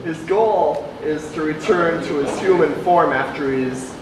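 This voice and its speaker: A man's voice: on the high side, a little slow, crowd noise. A man, a fan, casually asking a question at a convention panel. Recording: echoey hall from far off, noisy.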